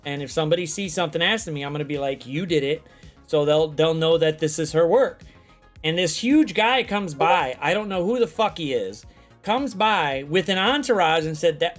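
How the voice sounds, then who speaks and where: High-pitched guy hosting a chat, swears a lot, animated storytelling. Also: moderate pace, soft background music. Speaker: host. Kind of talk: casual chat.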